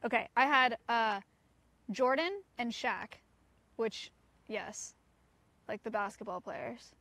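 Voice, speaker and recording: A woman's voice: fairly high pitch, slow pace, bright, forceful tone, no room sound. A young woman streaming live outdoors, chatting casually with her chat and coaxing her animals. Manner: chatty, talks to her chat and coaxes goats. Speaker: streamer and sanctuary owner.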